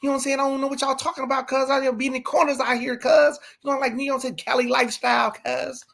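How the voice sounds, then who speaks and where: A man's voice: extremely high pitch, little pitch movement, fast talker, gravelly, a bit bright, pitched above the performer's own voice, full character voice. A man putting on a brash young Californian homeboy who tacks "cuz" onto every phrase. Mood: swaggering.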